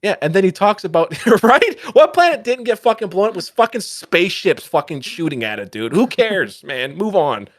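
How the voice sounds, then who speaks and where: A man co-hosting a casual podcast, ranting in profane, animated bursts. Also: high-pitched, normal speed, hardly any pauses, no room sound, clean studio sound. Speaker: podcast co-host.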